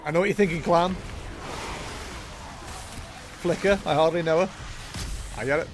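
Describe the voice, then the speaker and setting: A man's voice: on the high side, normal speed, background noise. Jokey man streaming a game. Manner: jokey, self-mocking, chatty with chat. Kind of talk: casual gameplay commentary.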